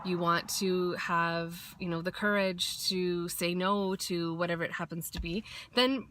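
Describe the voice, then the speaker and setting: A woman's voice: fairly low pitch, fairly even intonation, a little slow, fairly bright tone, slight background noise. Woman vlogger, casual pep talk, blunt and sweary, acts out quotes.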